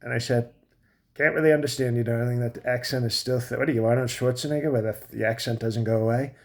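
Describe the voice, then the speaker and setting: A man's voice: medium pitch, fairly even intonation, quick pace, a little mellow, lightly acted. A man playing a boastful older male president in his late seventies, who rambles, trails off and restarts his sentences in a comic monologue. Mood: boastful rambling.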